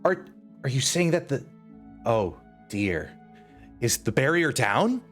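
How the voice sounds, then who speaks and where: A man's voice: mid-range voice, sing-song, takes it slowly, a bit bright, soft background music, voice pushed up. A man voicing an anxious, caring elven woman healer, speaking in urgent, worried questions.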